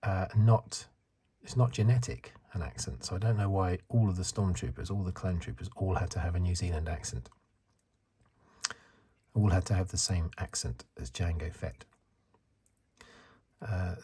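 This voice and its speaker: A soft-spoken man in his fifties from the UK chats in a low, mellow voice with an extremely smooth, resonant tone. He rambles and corrects himself as he goes, in a relaxed ASMR style. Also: moderate pace. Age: 50s. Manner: rambling, self-correcting, chuckles. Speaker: ASMR channel host.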